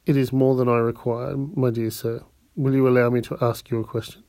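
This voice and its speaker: Man doing a cool scheming count, smooth and coaxing, mellow voice, dry sound. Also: medium pitch, flat delivery, fairly quick, dry recording, natural voice. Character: calm scheming male count, persuasive.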